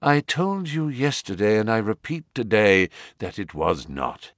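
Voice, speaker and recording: Male reader as a self-assured detective, measured, authoritative delivery, lively intonation, dry studio. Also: fairly low pitch, dry recording. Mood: composed. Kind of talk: audiobook character reading.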